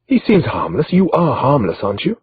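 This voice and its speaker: A man voicing a kind young noble maiden with a gentle, teasing manner, in a slightly dull lo-fi recording. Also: medium pitch, wildly swooping pitch, brisk, slightly rough, dry recording, pitched above the performer's own voice, full character voice.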